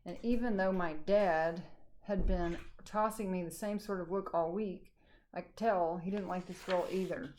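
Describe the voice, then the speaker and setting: A woman teacher reading a chapter book aloud to her class, unhurried and friendly. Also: on the low side, fairly even intonation, a little mellow, a little hiss or hum.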